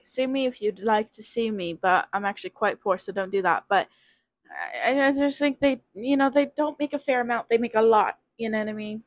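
A woman's voice: on the high side, dry recording, rough recording. A nineteen-year-old woman, sick with covid, rambling hesitantly as she takes a quiz aloud in a casual vlog. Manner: rambling, hesitant, self-deprecating. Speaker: vlogger.

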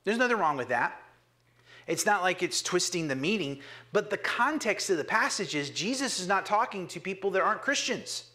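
A man preaching a sermon as pastor, earnest, dropping to hushed whispers and rising to emphatic urging. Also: sits high, lively intonation, normal speed.

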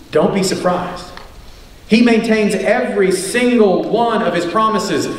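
A man with a high voice preaches to a congregation, driving his points home by repeating them and asking rhetorical questions. He sounds distant from the microphone in a very echoey church, with a faint hiss behind him. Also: normal speed. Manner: emphatic, repeats key lines, asks rhetorical questions. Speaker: preacher and teacher. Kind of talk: sermon. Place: church sanctuary. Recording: echoey room, far from the mic, faint noise.

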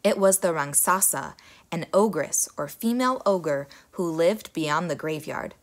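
A young woman reading a children's folktale aloud, in an expressive, animated way. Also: low-pitched, unhurried. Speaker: storyteller. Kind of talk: children's story read aloud.

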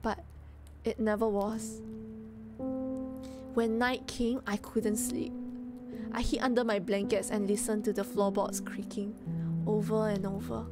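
A woman reading a story aloud and voicing a small grieving girl who speaks in halting, quiet words, holding back tears. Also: medium pitch, flat delivery, close to an everyday voice. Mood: halting, sad. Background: music.

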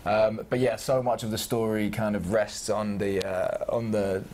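A young man with an English accent, chatting as an actor guest in an interview, halting and restarting often. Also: lowish voice, flat delivery, a little mellow, slight background noise. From England. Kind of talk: casual interview chat.

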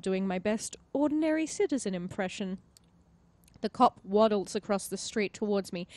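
A woman reading a story game aloud as its narrator, expressive and with giggly asides. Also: medium pitch, dry recording. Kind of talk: narrating a visual novel playthrough.

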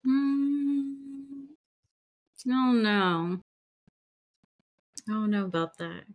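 Woman chatting, quick to agree and laugh. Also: high voice, little pitch movement, no room sound, clean studio sound. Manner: supportive, laughs and agrees often. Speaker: podcast host. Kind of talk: casual chat.

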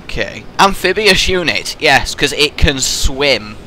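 A man narrates his strategy match as he plays, excitable and quick to swear and trash-talk. His voice is bright. A faint hum sits underneath. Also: mid-range voice. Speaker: gaming video host. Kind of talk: live gameplay commentary.

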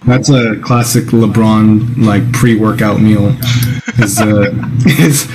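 A man's voice: fairly low pitch, steady tone, slow pace, noisy background. A man chatting casually while gaming, joking and laughing often. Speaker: gamer.

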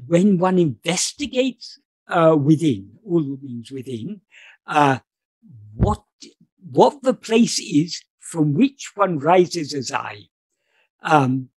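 A man teaches over a video call in a measured, explanatory way, pausing on fillers and restarting his sentences. His voice sits a little high for a man. The sound is dry, with no room echo. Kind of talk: spiritual talk on a video call.

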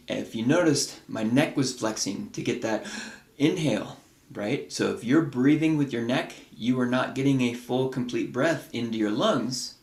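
A middle-aged man talks through ideas in a loose, rambling teaching style, circling back and restarting his sentences. His voice sits at a mid pitch and carries a noticeable room echo. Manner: relaxed, rambling, with restarts and fillers. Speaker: wellness podcast host. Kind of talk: casual teaching talk.

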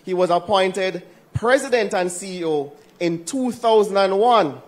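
Co-host, dry and teasing, mid-pitched speaking voice. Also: unhurried. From Jamaica. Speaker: co-host of a church service. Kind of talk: stage emceeing and introductions.

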